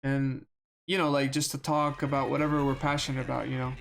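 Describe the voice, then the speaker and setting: A man's voice: mid-range voice, level tone, vocal fry, fairly bright tone. Earnest young male game streamer. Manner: earnest, halting, with many restarts and fillers. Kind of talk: casual chat while live streaming a game.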